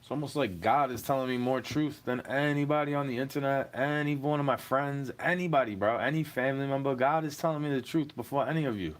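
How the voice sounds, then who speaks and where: Talking fast with hardly any pauses, this young man has a mid-range voice. He rants to camera at someone who did him wrong, cursing, sounding aggrieved, and saying "bro" over and over.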